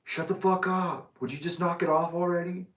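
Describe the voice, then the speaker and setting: A man's voice: high-pitched, fairly even intonation, brisk, a bit bright, roomy sound, pitched above the performer's own voice. Guy putting on a mean teen boy barking threats, sounds far from the mic. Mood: threatening. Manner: snarling, profane threats. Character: aggressive older teenage boy, bullying.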